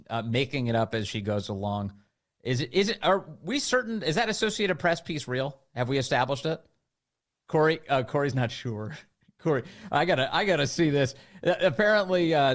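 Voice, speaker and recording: A male talk radio host in his studio, talking with sarcastic amusement. His pitch and pace sit in an ordinary middle range. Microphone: studio microphone.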